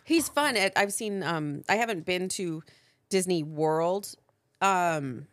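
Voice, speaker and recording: A woman's voice: on the low side, lively intonation, slow pace, a bit bright, no echo, clean studio sound. A woman co-hosting a casual podcast, blunt, teasing and opinionated. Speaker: podcast co-host. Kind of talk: casual chat.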